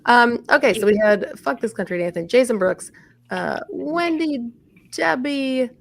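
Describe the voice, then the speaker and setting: A woman's voice: fairly high pitch, expressive, measured pace, gravelly. A woman co-hosting a casual podcast, chatting loosely with friends, swearing freely and reading out a list of names. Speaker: podcast co-host. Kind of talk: casual chat.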